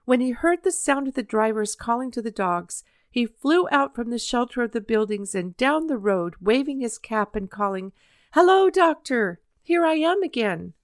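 A woman narrating a children's story in an even, measured reading voice. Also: fairly high pitch, no echo, studio quality. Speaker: audiobook reader.

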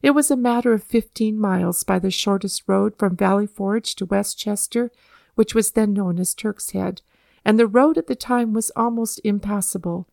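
A woman narrating a historical storybook in a calm, measured reading voice. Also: medium pitch, vocal fry, dry recording.

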